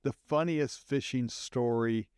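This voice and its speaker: Middle-aged man, co-host, calm easygoing storytelling, mid-pitched voice, dry close mic. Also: measured pace, smooth, no echo. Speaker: co-host, therapist. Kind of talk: casual storytelling chat.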